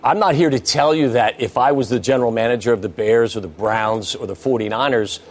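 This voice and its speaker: A man appearing as a guest NFL analyst on a sports debate show, explaining his view calmly with analogies. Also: mid-range voice, fairly quick.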